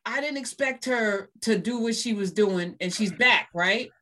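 A woman's voice: mid-range voice, measured pace, fairly bright tone. Chatty woman interviewer. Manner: chatty, playful, teasing. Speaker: interviewer, host. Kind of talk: casual interview talk.

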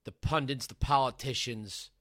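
Мужчина, ведущий радиошоу, язвительно и напористо разглагольствует ярким, резким голосом; звук сухой, без эха. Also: male voice, medium pitch, moderate pace, fairly bright tone, no echo, clean studio sound. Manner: sarcastic, mocking and ranting. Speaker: radio talk show host. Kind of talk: combative talk radio monologue.

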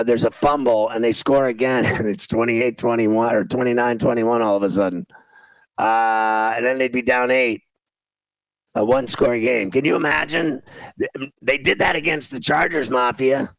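Ranting gravelly sports talk host man. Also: medium pitch, a bit bright, dry recording, poor audio. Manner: exasperated, ranting, repeats himself. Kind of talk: casual sports radio chat while watching a game.

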